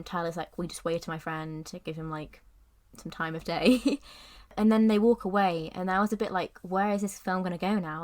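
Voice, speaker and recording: Chatty young woman reviewing a film. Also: lowish voice. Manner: chatty, giggly, lots of "like" and "kind of". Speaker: podcast co-host. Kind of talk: casual film review chat.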